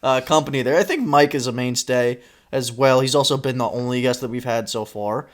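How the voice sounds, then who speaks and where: A man hosting a casual drinks-and-chat podcast, teasing his co-host and wandering through loose, rambling stories with plenty of swearing. His voice sits at an ordinary middle pitch. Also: brisk.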